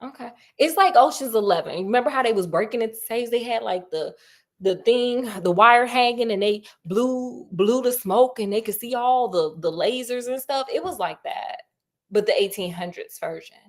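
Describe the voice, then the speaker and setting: A woman storyteller retelling a classic mystery in an animated, slangy way, asking her listeners questions. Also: a little high, normal speed.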